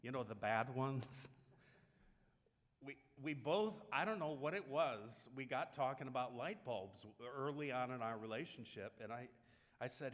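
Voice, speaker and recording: A man's voice: mid-range voice, animated, moderate pace, a bit bright. Man preaching in an echoing church. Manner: heartfelt storytelling with restarts. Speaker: pastor. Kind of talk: sermon.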